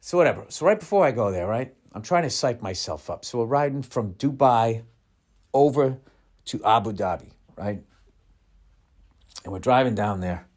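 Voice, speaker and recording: A man's voice: medium pitch, expressive, normal speed, pauses often, a little mellow. A middle-aged male comedian telling a rambling, profane, self-mocking story in a podcast monologue.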